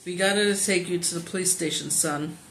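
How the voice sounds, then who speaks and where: A woman's voice: fairly low pitch, fairly quick, fairly bright tone, a little hiss or hum. A woman reading a story aloud and voicing a blunt, matter-of-fact male patrol officer. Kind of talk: audiobook reading.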